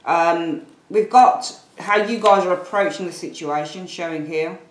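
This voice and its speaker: A woman with a Birmingham accent talks viewers through a tarot spread in a rambling, friendly way, full of asides and apologies. Her voice sits on the low side. The room is echoey, with a faint noise underneath. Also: a little slow. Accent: Birmingham English. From Birmingham, England. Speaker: tarot reader. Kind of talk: casual tarot reading to camera. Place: room at home, at a table.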